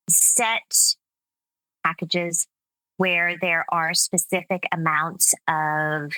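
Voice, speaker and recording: Slow, measured American woman explaining. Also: lowish voice, pushed and bright, no room sound, low-quality recording. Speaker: speech coach, guest. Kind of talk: interview conversation.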